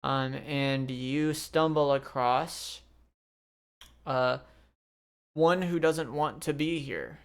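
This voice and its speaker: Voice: mid-range voice, extremely slow, pauses often, clear, resonant tone. A game master narrating a tabletop game in a casual, rambling way with many fillers.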